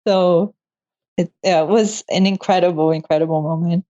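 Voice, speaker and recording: Young adult woman, med student guest; warm-hearted, laugh-prone storyteller, slightly muffled recording. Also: lowish voice, moderate pace. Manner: emotional, laughs often, animated retelling. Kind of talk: casual interview storytelling.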